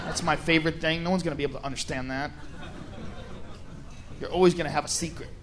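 A male stand-up comedian performing a loud, animated set, shouting punchlines and acting out bits. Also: a little high, quick pace, a little hiss or hum.

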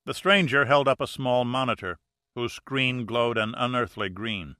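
A man giving steady, measured scripted narration of an adventure audiobook. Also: medium pitch, no room sound, clean studio sound.

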